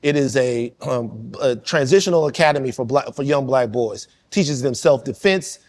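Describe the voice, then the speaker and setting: A man's voice: mid-range voice, moderate pace, a little mellow. A man on a casual panel podcast, speaking with passion and repeating points for emphasis as he tells a story.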